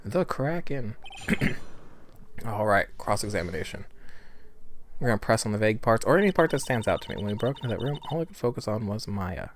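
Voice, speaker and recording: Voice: medium pitch, big pitch swings, a little fast, slight background noise. A gamer giving casual, sarcastic let's-play commentary, cracking jokes and swearing freely.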